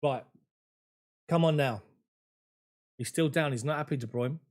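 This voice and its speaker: A fairly high-voiced man commentating on a football match from his home. He talks quickly and emotionally in a chatty fan's play-by-play. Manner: rapid, emotional, conversational play-by-play. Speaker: fan commentator.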